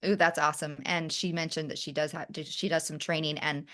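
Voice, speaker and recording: A woman's voice: low-pitched, flat delivery, brisk, fairly bright tone. A woman hosting a podcast interview, talking in a sing-song lilt. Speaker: podcast host.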